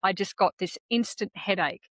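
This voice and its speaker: A woman's voice: medium pitch, normal speed, no room sound. Candid Australian woman, dry close sound. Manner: candid, animated storytelling, swears freely. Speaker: podcast co-host. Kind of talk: casual conversational chat.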